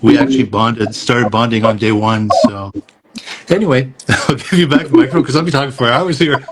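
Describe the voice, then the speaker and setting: A man's voice: medium pitch, fairly quick, a loud crowd. A man with a French Canadian accent, a guest actor chatting on a live stream, telling stories and laughing often. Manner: animated, laughs often, storytelling. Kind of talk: casual live-stream chat. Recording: clear background noise.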